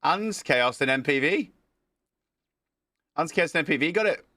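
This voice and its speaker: Talking at a moderate pace with lively intonation, this male streamer has a bright, forceful, fairly high voice that reveals a cold getting worse. He hangs out casually from home on a livestream, calling out viewers by name and cursing occasionally. The audio is dry and close, with no room sound.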